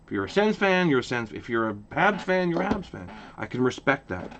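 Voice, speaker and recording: A man's voice: mid-range voice, brisk, muffled recording, background noise. A man from Ottawa, Canada, hosting a casual opinion rant to camera, passionate, with lots of repeated restarts. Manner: passionate, repetitive restarts, animated. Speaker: hockey channel host.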